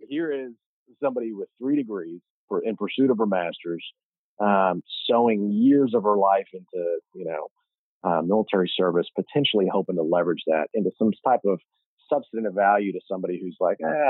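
A man's voice: deep voice, a little fast, dry recording. A man hosting an interview, stepping in emphatically to reframe his guest's story for listeners. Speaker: host. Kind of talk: conversational interview. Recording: tinny phone-like line.

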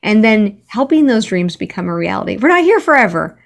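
A woman's voice: mid-range voice, sing-song, brisk, creaky. An earnest woman author telling stories as a guest, often restarting her sentences. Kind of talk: conversational interview.

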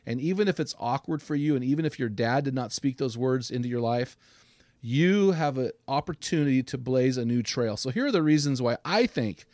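A man's voice: mid-range voice, expressive, brisk, a little mellow, no room sound, clean studio sound. A middle-aged man hosting a men's podcast, speaking in an earnest, heartfelt, preacherly way. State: choked up. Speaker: podcast host. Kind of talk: casual men's podcast talk.

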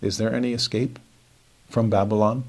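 Expressive low-voiced male Bible teacher. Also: moderate pace. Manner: expressive, shifting between lively asides and quiet emphasis. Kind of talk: verse-by-verse scripture lesson.

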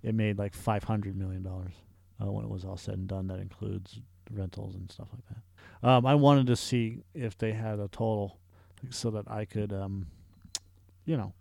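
A man's voice: lowish voice, fairly even intonation, normal speed, vocal fry, darkish tone, no room sound, studio quality. A man co-hosting a casual podcast about movies, swearing freely and joking around. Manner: profane, joking, tries silly voices. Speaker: podcast co-host.

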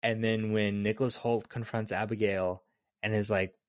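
A man co-hosting a podcast, talking about a film in a relaxed, hesitant way. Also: on the low side, normal speed, dry recording, clean studio sound. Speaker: podcast co-host. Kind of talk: casual movie discussion.

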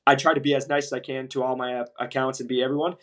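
A young man co-hosting a casual podcast about medical device sales, telling lively stories and acting out the people he quotes. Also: medium pitch, rapid-fire. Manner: animated storyteller, acts out quoted voices, swears casually.

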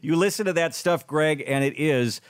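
A man's voice: fairly high pitch, moderate pace, smooth, no room sound, clean studio sound. A man co-hosting a retirement podcast, talking casually and agreeing with murmured assents. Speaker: podcast co-host.

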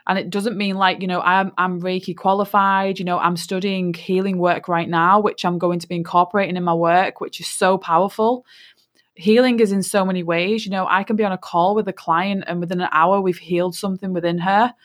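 Heartfelt woman, lowish voice. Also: little pitch movement, brisk, hardly any pauses, a bit bright. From England. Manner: heartfelt, many "you know" fillers. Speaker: spiritual podcast host. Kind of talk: personal storytelling monologue.

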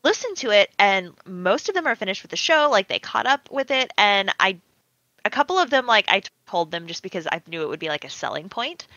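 A woman's voice: medium pitch, fairly quick, dry recording, muffled recording. A woman co-hosting a podcast in casual chat, telling stories animatedly and acting out what others said. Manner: animated storytelling, acts out quoted voices. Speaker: podcast producer and co-host.

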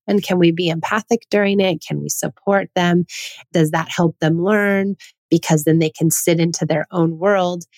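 A woman's voice: steady tone, normal speed, darkish tone, no room sound. Earnest woman podcaster, dry close sound. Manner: earnest, asks many questions; acts out quoted parents in higher voice. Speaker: parenting podcast host. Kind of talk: solo podcast talk.

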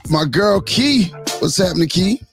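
Male host, energetic sing-song delivery, raspy-gravelly tone, light backing music. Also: high-pitched, measured pace. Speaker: morning show host. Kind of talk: casual podcast chat.

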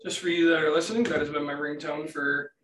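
A man in his thirties talks casually on a podcast, drifting through stories and cursing freely. His voice sits a bit high. He is set back from the mic in a roomy, echoing space. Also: steady tone, quick pace, fairly bright tone, recorded from a distance. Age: 30s. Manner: rambling storyteller, swears freely, quotes others. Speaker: podcast co-host. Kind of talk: casual chat.

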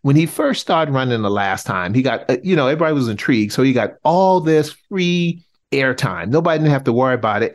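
A middle-aged man from South Carolina co-hosts a casual political chat. His pitch sits a touch high and swings widely as he teases and plays to the audience like a showman. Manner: animated, teasing, showman-like. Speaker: podcast co-host.

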